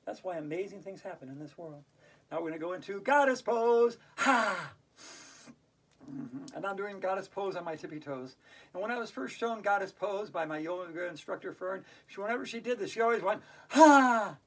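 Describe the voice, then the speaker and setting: A woman teaching a hula hoop yoga class, playful and chatty, breaking into sing-song rhymes and laughing out loud on cue. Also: on the low side, fairly quick, husky. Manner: chants rhyming verses in a sing-song. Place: indoors while it snows outside. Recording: voice from a distance off the mic.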